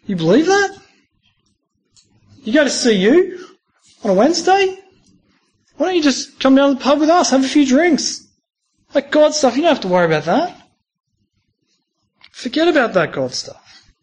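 A man's voice: very high-pitched, very animated, normal speed, long pauses, voice pushed up. A man doing a teasing, dismissive student mate. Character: teasing young male student friends.

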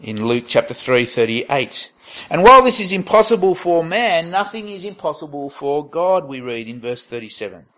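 A man delivers a sermon in a raised, high register. His tone stays conversational as he reads scripture aloud. He often pauses and restarts to find the right words. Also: sing-song, a bit bright. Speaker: preacher.

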